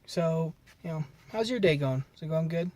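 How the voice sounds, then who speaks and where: A man's voice: on the high side, animated, normal speed, a little mellow, no echo. A man vlogging, telling a story in a rambling, conversational way and often correcting himself. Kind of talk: casual storytelling to camera.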